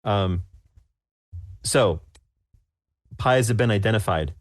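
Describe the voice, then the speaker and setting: A man runs a tabletop game as game master, low-pitched and relaxed. He rambles with plenty of fillers. The recording is dry and close. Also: slow, no echo.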